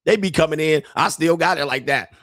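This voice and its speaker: A man's voice: fairly high pitch, brisk, a bit bright, no echo, studio quality. A man hosting a show, delivering a crude comedic rant in a boastful, profane, mocking way. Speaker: show host.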